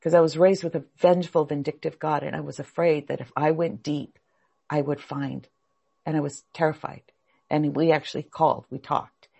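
A woman's voice: low-pitched, steady tone, moderate pace, creaky, warm tone, breathy edge. A woman teaching a spiritual class, speaking earnestly and with feeling as she searches for her words.

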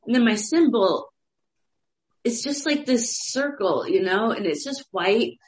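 A woman speaks in a searching, confessional way, often trailing off mid-sentence. Her voice sits at an ordinary pitch and carries a noticeable room echo. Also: animated, a little slow, a little hiss or hum. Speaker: meditation group participant. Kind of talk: emotional personal sharing. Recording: roomy echo.

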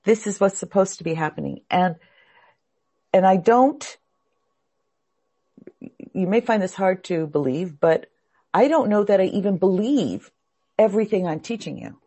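Brief: woman teaching a class, sincere and searching, rough grainy voice with a breathy edge. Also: mid-range voice, animated, a little slow, pauses often, mellow. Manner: earnest, heartfelt, searching. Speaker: spiritual teacher.

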